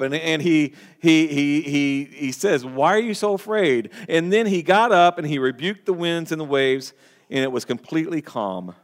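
A man preaching a sermon as pastor, earnest and emphatic, often restarting words and phrases. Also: on the high side. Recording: long hall reverb.

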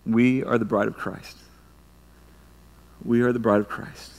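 Earnest preacher in an echoing hall. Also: male voice, medium pitch, little pitch movement, gravelly, a little mellow. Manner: earnest, halting with restarts and filler words. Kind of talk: sermon. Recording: long reverb of a large hall.

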